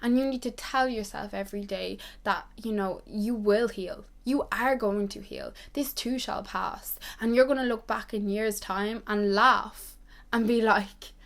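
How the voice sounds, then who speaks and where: A woman's voice: medium pitch, fairly even intonation, a little slow, creaky. A twenty-year-old woman giving an earnest, reassuring pep talk to camera, repeating herself for emphasis. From Ireland. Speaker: vlogger.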